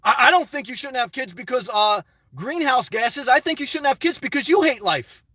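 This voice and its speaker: A man's voice: very high voice, lively intonation, moderate pace, pushed and bright, slightly rough, dry recording, recorded from a distance. A middle-aged man hosting a casual live stream, answering chat in a blunt, opinionated, rambling way.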